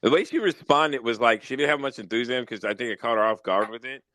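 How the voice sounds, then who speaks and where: A man's voice: medium pitch, fast talker, fairly bright tone, no room sound, poor audio. A young adult man hosting a casual podcast chat, telling profane stories and getting worked up as he talks. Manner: profane, storytelling, gets worked up. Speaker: podcast host.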